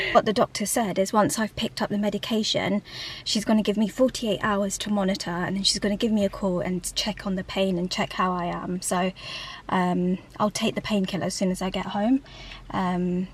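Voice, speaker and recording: A woman talking candidly in a casual vlog from inside a parked car, often dropping to a soft whisper. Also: mid-range voice, fairly even intonation, normal speed, slight background noise. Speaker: vlogger.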